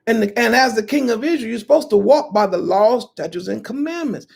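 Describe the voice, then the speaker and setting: A preacher giving a Sabbath sermon, talking slowly and emphatically, swinging from loud outbursts to hushed asides. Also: mid-range voice, lively intonation, gravelly, husky.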